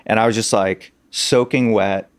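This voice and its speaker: A man's voice: on the low side, fairly even intonation, unhurried, clean tone, no echo. A man, a podcast guest, telling army stories in a casual, hesitant way with many fillers. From Arizona. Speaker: podcast guest, political consultant. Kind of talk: casual storytelling.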